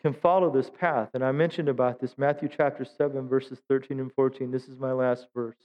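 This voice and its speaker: A middle-aged man preaching a sermon as a pastor, telling humorous stories and acting out quotes in high voices. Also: little pitch movement, brisk, long reverb tail, muffled recording. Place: church sanctuary.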